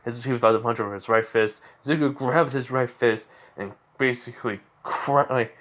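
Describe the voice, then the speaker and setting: A man casually retelling a fan-made story, with a middle-pitched voice. He rambles and fills every pause with fillers. His delivery is loose and unscripted. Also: fairly bright tone.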